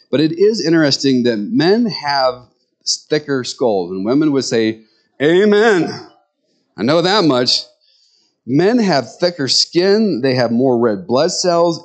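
A male pastor preaching with humorous stories, acting out the voices he quotes. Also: medium pitch. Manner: storytelling, acts out quoted voices. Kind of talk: sermon with humorous anecdotes.

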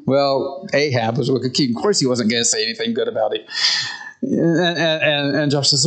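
A man preaching a conversational sermon, retelling a story in a relaxed way and often restarting his sentences. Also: mid-range voice, normal speed, low-quality recording.

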